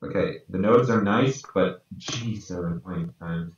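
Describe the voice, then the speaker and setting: A man with a very low voice talks slowly and half to himself while he draws. The sound is echoey and dull, and he is set back from the mic. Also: distant mic. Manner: mutters to himself while working, low-key. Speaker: podcast co-host. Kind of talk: casual chat while drawing.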